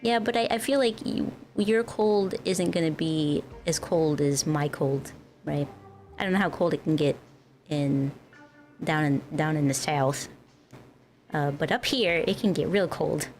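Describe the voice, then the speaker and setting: A woman's voice: deep voice, unhurried, darkish tone. A young woman from the northern United States, chatting casually with her stream viewers in a rambling, giggly way. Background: faint music.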